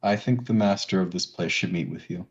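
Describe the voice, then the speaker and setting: Courteous low-voiced shrine monk, a guy putting him on, stiff and formal. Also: a little fast, highs cut off. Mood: polite. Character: male shrine monk, polite and guarded.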